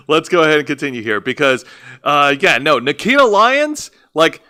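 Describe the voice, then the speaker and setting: Male co-host, lively and bright, recaps wrestling with cursing and restarts. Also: a little high, normal speed. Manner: animated, swears often, stumbles and restarts. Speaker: podcast co-host reviewing wrestling. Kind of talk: casual profane review chat.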